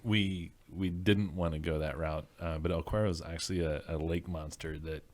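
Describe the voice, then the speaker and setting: A man chatting casually as a guest brewer, telling relaxed stories with plenty of "um"s. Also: low-pitched, normal speed. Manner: relaxed storyteller, many "um"s. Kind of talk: casual chat.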